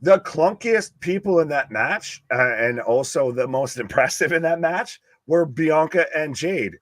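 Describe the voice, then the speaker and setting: A man co-hosting a live wrestling watch-along, excitable, swearing freely and repeating himself for emphasis. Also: a little high, measured pace, dry recording, clean studio sound. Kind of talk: live alternative commentary chat.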